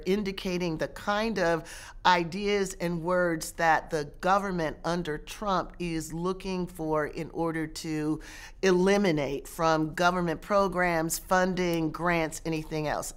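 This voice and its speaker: A middle-aged woman professor and author answering interview questions in a measured way, often pausing and restarting her phrases. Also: fairly low pitch. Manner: measured, with frequent restarts and pauses.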